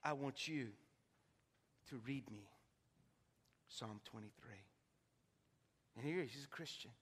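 Bright-voiced pastor preaching in a hall. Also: male voice, mid-range voice, measured pace, husky. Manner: swings from hushed intimacy to loud preaching climaxes. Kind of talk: sermon with altar call. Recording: reverberant hall, from a distance.

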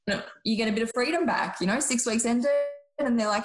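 A woman with an Australian accent, a psychologist guest chatting casually on a podcast in an animated, slangy way. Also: a little high, fast talker, reverberant, low-quality recording.

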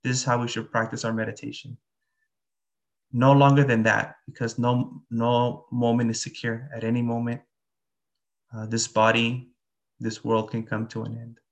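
Guy teaching buddhism, kinda gravelly, earnest and plain, says uh a lot, leads a breathing meditation. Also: mid-range voice, little pitch movement, normal speed, pauses often. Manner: earnest, plainspoken, with frequent fillers. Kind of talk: dharma talk and guided meditation.

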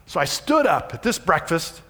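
A man's voice: a little high, very animated, normal speed. A man, preaching a sermon and telling a personal story in a folksy way. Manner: folksy storytelling, shouts when reenacting. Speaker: pastor. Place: church sanctuary. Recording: reverberant church hall.

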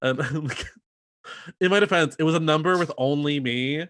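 A man hosting a casual chat, animated and laughing often, slipping into quoted voices. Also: on the high side, normal speed, no room sound, studio quality. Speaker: podcast host and theater performer.

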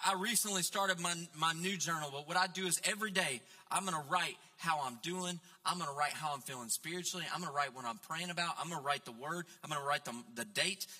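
A man's voice: on the high side, bright, forceful tone. A man, the pastor, preaching a sermon in a church, talking conversationally to the congregation with frequent asides and repeated restarts. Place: church sanctuary. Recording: long hall reverb.

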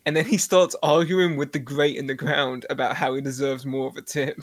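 A man's voice: mid-range voice, fairly even intonation, fairly quick, dry recording, studio quality. A man co-hosting a casual movie chat, rambling through a plot recap with many restarts. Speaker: podcast co-host.

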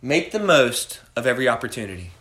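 A man's voice: medium pitch, very animated, fast, a bit bright. A man leading a youth Bible study, preaching and quizzing his students by name. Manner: preachy, asks the group questions, calls on students by name. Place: room with a student group. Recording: echoey room.

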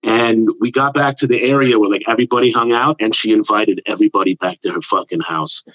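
A man's voice: on the low side, fast talker, dry recording. A man, telling a rambling, profane story in casual podcast chat. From New York area. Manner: profane, rambling, animated with put-on quotes. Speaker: comedian guest. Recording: dull lo-fi dry sound.

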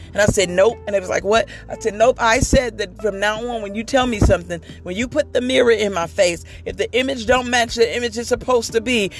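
A woman delivers an inspirational monologue in a preachy, emphatic manner. She speaks candidly and builds rhythm by repeating her phrases. Faint music plays softly behind her. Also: a little high. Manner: candid and confessional. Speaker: motivational speaker.

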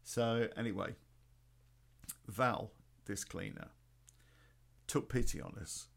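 A man's voice: on the low side, slow, vocal fry, fairly bright tone. A man telling a rambling personal story in a casual, sweary way, full of ums and restarts. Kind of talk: casual spoken anecdote.

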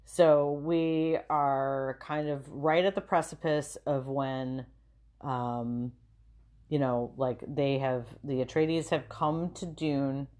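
A woman with a low voice talks casually as a podcast co-host. She rambles loosely, trailing off with fillers and breaking into easy laughter. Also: steady tone, takes it slowly, warm tone. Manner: chatty, lots of fillers and swearing, laughs often. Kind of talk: casual film discussion.

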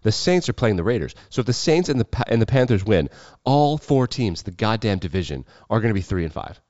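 A man hosting a casual solo sports talk show, profane and wry with quick asides. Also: fairly low pitch, big pitch swings, a little mellow, dry recording, dull audio. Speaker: sports betting show host.

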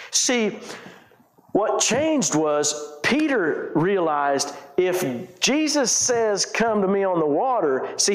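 A man's voice: sits high, roomy sound. A pastor preaching a conversational sermon, retelling scripture in his own words with frequent restarts.

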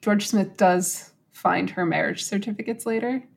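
A woman casually retelling a true story to a co-host, animated and acting out quotes in little voices. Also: medium pitch, moderate pace, vocal fry. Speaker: podcast host.

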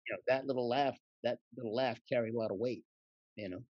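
A man with a husky voice tells behind-the-scenes stories in a loose, rambling, relaxed way and laughs along. The sound is dry and a little dull. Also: medium pitch, fast, no echo. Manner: relaxed, rambling, laughs while telling anecdotes. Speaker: guest actor. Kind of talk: casual interview storytelling.

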